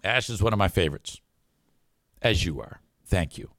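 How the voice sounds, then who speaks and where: A man's voice: low voice, lively intonation, moderate pace, a bit bright, dry recording. A middle-aged man hosting a live stream show, talking in a crude, profane, rambling way. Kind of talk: casual live-stream talk.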